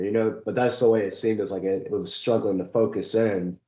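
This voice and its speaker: A man's voice: lowish voice, steady tone, brisk, hardly any pauses, mellow. A man co-hosting a casual chat about ghost hunting, rambling and laughing often. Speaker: podcast co-host. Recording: echoey room, dull lo-fi sound.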